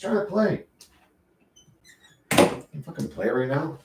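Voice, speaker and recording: A man's voice: fairly high pitch, sing-song, takes it slowly, long pauses, noisy background. A man hosting a casual livestream, rambling and swearing as he talks to his chat and to his dog. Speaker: livestream host.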